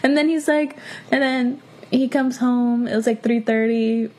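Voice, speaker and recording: A woman's voice: on the high side, measured pace. A young woman from Miami co-hosting a podcast, telling stories in a blunt, profane way and acting out what others said. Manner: blunt, profane storytelling with animated quoted voices. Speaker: podcast co-host. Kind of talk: casual chat.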